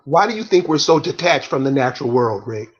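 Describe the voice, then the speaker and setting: A man's voice: mid-range voice, sing-song, fairly quick. Patient male host on a dull line. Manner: patient, repeats his questions. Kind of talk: casual live call-in show.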